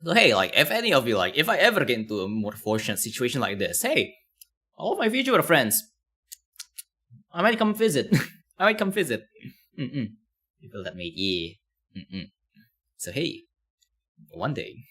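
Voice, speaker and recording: A man's voice: medium pitch, huge pitch swings, moderate pace, long pauses, sharp tone, breathy edge. A man streaming casually, commenting on a video with rambling talk full of fillers and laughs.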